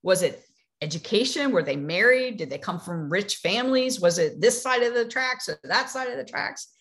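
A woman quoting her wise, patient old grandfather as he calmly teaches a lesson in a storytelling talk. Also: mid-range voice, normal speed. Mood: patient, teaching. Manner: calm, questioning, teaching.

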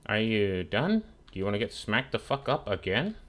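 Profane low-voiced man streaming a game. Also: very animated, moderate pace, fairly bright tone. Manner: profane, trash-talks game mobs. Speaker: gaming streamer. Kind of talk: casual gameplay commentary.

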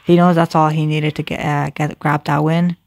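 A man commentating a video game live, his voice gravelly with fry. He speaks in a fairly flat, even tone while thinking aloud and correcting himself as he plays. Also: a little high, normal speed, no room sound. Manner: thinks aloud, self-correcting, addresses viewers as guys. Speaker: gameplay commentator.

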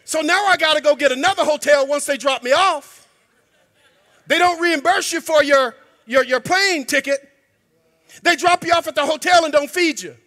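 A man preaching a sermon in a church, emphatic and colloquial, sometimes breaking into shouts. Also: very high-pitched, moderate pace. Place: church sanctuary. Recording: long hall reverb.

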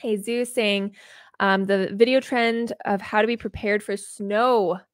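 A woman's voice: mid-range voice, fairly even intonation, measured pace, clean tone, no echo, studio quality. A woman co-hosting a livestream, chatting bubbly and casually while reading viewer comments aloud. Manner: bubbly, reads out chat comments with many "um"s. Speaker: livestream co-host.

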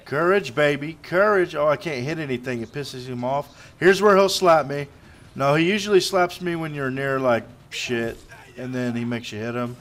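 A man's voice: medium pitch, slight background noise. A young man giving casual let's play commentary, frustrated and swearing, muttering to himself between bursts.

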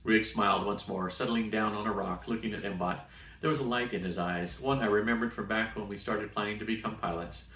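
A man's voice: lowish voice, steady tone, brisk, a bit bright. An older man steadily reading a novel aloud as a storyteller. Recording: roomy sound from a distant mic.

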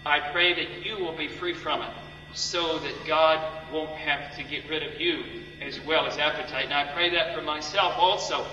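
A man's voice: on the high side, steady tone, moderate pace, sharp tone. A man preaching a sermon with fervent, dramatic emphasis, repeating phrases to drive points home. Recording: echoey hall, mic far off, dull sound with faint hum.

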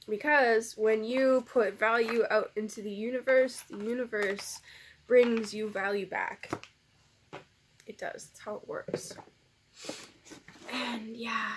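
A woman tarot reader rambles gratefully in a casual vlog, tearful and emotional, sighing and laughing in a soft voice full of fillers. Her voice is a little high with fairly even intonation, and she speaks slowly with frequent pauses. The background is noisy.

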